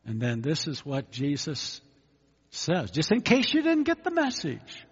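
A man's voice: a little high, wildly swooping pitch, unhurried, husky. A pastor giving a sermon in a conversational way, asking his listeners rhetorical questions. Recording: echoey hall, dull lo-fi sound.

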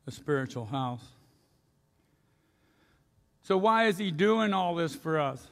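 A man's voice: fairly high pitch, expressive, takes it slowly, vocal fry, fairly bright tone, big-room sound. A man preaching a sermon in a folksy storytelling way, asking his congregation questions, in a church sanctuary. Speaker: pastor.

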